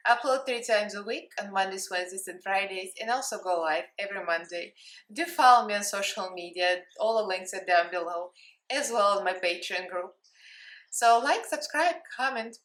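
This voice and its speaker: A woman's voice: mid-range voice, moderate pace, a bit bright, echoey room. Bubbly woman with a Russian accent. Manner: bubbly, chatty, playful and giggly. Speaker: makeup vlogger. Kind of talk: casual makeup tutorial chat.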